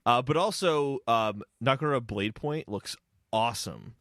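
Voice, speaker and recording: A man's voice: medium pitch, expressive, fairly bright tone, dry recording, clean studio sound. A man co-hosting a gaming podcast, talking casually with many ums and restarts. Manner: quick, hesitant, many fillers. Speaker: podcast co-host. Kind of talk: casual chat.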